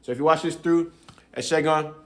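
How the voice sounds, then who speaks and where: A young man with a slightly high voice and fairly even intonation speaks briskly as he explains tones. This language learner addresses his viewers in a chill, chatty way, frequently chuckling and calling them bro.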